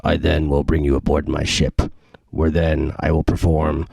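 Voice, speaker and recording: A man voicing a menacing male alien through a soundboard voice changer, speaking slowly and commandingly. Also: a bass voice, completely flat delivery, gravelly, a little mellow, studio quality, full character voice. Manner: slow, commanding, threatening. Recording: voice effect with long reverb.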